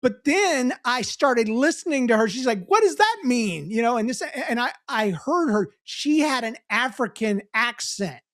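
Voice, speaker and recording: A woman from St. Louis, co-hosting a podcast, telling stories in a lively, chatty way and acting out the voices of the people in them. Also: a little high, moderate pace, hardly any pauses. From St. Louis, USA. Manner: animated storyteller, acts out quoted voices, laughs easily. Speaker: podcast co-host. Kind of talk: casual storytelling chat.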